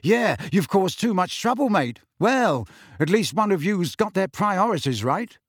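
Storybook prankster teen boy, teasing, lifted pitch, lively; a male narrator voices him. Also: unhurried, dry recording, studio quality, heavily acted. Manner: teasing, mock-serious. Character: teenage wizard boy, cheeky prankster twin.

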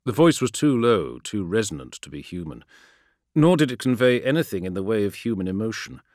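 A man narrating a dark science-fiction story in an expressive, dramatic reading style. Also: fairly low pitch, brisk, dry recording, studio quality. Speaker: audiobook narrator. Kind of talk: scripted narration.

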